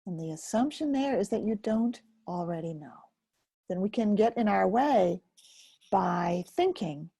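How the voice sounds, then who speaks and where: An older woman hosting a live webinar, gently and reflectively answering chat questions as a focusing teacher, with a husky voice. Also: medium pitch, animated, moderate pace, dry recording, studio quality.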